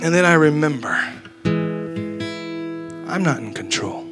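A worship leader talks earnestly between songs over soft guitar playing, working up to urgent questions. His voice is a little high and expressive, at a moderate pace, with frequent pauses.

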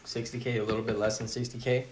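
A man's voice: mid-range voice, flat delivery, quick pace, a little hiss or hum. A man appearing as a podcast guest, talking casually and easygoing. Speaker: podcast guest, TikTok creator. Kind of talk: casual chat.

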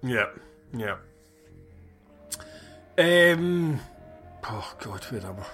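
A man's voice: medium pitch, expressive, extremely slow, fairly bright tone, soft background music. A man, casually recapping a film with wry, sweary asides. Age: 40s. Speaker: podcast host. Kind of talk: casual chat.

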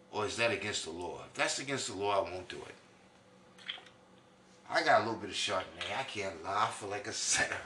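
A man from New York doing a loud, preachy comic monologue that swings between high and low. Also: far from the mic, a little hiss or hum. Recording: echoey room, from off-mic.

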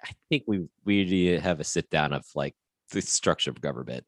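A man co-hosting a comedy podcast, wry and quick to laugh in casual banter. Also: a bass voice. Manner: animated, wry, laughs often. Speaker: podcast co-host.

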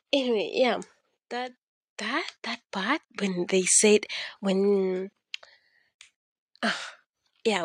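A young woman podcast host chats excitedly and casually about books she loved, mixing Swahili slang into her English. She's recording on her phone, and her medium-pitched voice is slightly rough, with no echo.

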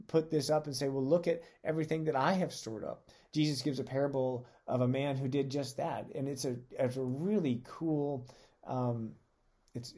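A man's voice: mid-range voice, warm tone. A man preaching a conversational sermon on a podcast, earnest and reading scripture aloud with emphasis.

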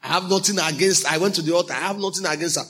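A male pastor with a Nigerian accent preaching a sermon, slipping into pidgin phrases and breaking into shouted emphasis. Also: high-pitched, very fast, slight background noise.

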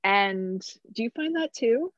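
A woman's voice: a little high, animated, measured pace, a bit bright, dry recording. A woman chats casually as a podcast guest, laughing easily and circling back mid-sentence. Her voice comes through a dull, lo-fi line with a dry, close sound and no room behind it. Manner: chatty, laughs often, thinks aloud with restarts. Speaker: guest, massage therapist and medical intuitive.

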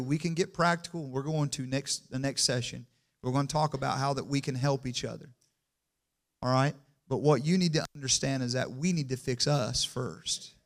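A man preaching a sermon in church, calling for amens and building from quiet to loud and emphatic. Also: medium pitch, creaky. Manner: call-and-response, asks the congregation for amens.

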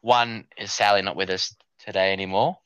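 A man's voice: low voice, steady tone, fairly quick, fairly bright tone, clear, resonant tone, dry recording. A young man telling a rambling, sweary story in casual chat, acting out his younger self. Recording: dull lo-fi dry sound.

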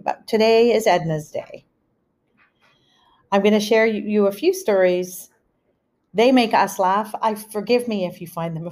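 A woman's voice: lowish voice, a little mellow. A middle-aged woman hosting a podcast, telling family stories in a chatty, casual way and laughing now and then. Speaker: podcast host. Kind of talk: casual storytelling.

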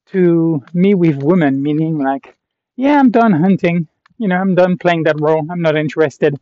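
With a somewhat high, slightly mellow voice, a Canadian man addresses the camera while hiking a long pilgrimage trail. His talk is reflective and self-aware, wandering with many fillers and restarts. The recording is dry and lo-fi, with a dull sound.

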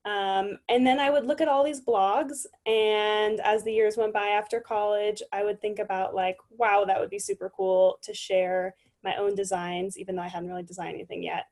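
A woman's voice: mid-range voice, fairly even intonation, moderate pace, hardly any pauses, a little mellow. A young woman as a guest on a casual interview show, talking with many fillers.

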